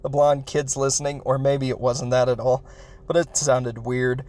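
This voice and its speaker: A man's voice: medium pitch, flat delivery, normal speed, a little mellow. A man hosting a podcast, recapping a film in a rambling, self-interrupting way and laughing as he talks. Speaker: podcast host reviewing a film. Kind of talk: casual comedic film recap.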